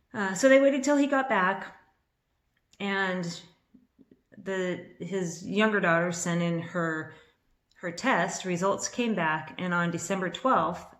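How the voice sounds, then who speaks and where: A woman in her fifties telling a personal story to camera in an excitable, rambling way, a little nervous, with restarts and bursts of laughter. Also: on the low side. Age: 50s. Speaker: vlogger. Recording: echoey room.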